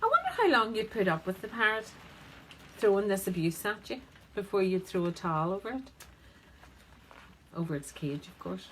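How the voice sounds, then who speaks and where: A woman's voice: medium pitch, moderate pace, pauses often, a little hiss or hum, rough recording. A woman therapist giving a conversational, emphatic self-help talk straight to the viewer. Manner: conversational, emphatic, gently teasing. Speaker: integrative therapist.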